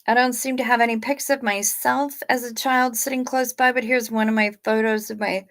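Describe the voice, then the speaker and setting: A woman's voice: fairly high pitch, fairly even intonation, normal speed, a bit bright. A middle-aged woman, hosting a late-night livestream, tired and yawning as she chats casually with viewers and reads their comments. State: sleepy. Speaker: livestream host.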